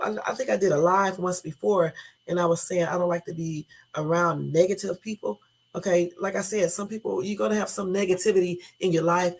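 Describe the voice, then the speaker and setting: A livestream host reading an article aloud in a halting way, then commenting bluntly and casually, often saying "y'all" and "you know what I'm saying.". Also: medium pitch, gravelly, breathy edge. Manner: reads haltingly, stopping to correct typos.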